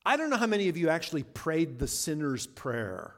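A man's voice: a little high, very animated, a bit bright. Earnest man preaching in a reverberant hall. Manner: earnest, conversational, speeds up and slows for emphasis. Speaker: pastor. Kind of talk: sermon. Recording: long reverb of a large hall.

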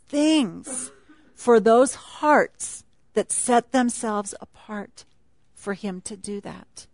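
A woman's voice: a little high, a little mellow, dry recording. A woman speaking at a retreat, teaching a Bible passage in a chatty, laughing sermon style.

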